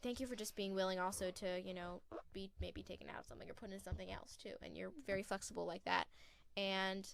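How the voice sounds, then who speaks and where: A woman speaks to her fellow cast members in a casual, heartfelt way. She rambles and restarts often, and her voice sits at an ordinary pitch. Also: fairly even intonation, gravelly, fairly bright tone, slight background noise. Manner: halting, rambling with many fillers. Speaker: theater cast member giving shoutouts.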